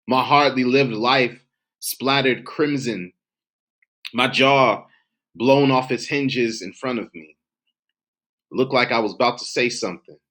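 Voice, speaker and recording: A man's voice: mid-range voice, a bit bright. Man performing rhythmic spoken word poetry. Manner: rhythmic, emphatic, cadenced delivery. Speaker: poet. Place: home, virtual showcase submission.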